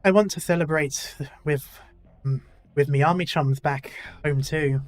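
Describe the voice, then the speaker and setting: A man's voice: a little high, unhurried, soft background music, lightly acted. A man voicing an army deserter soldier with a put-on Scottish accent that drifts toward Irish. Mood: wry. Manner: folksy, wavering accent.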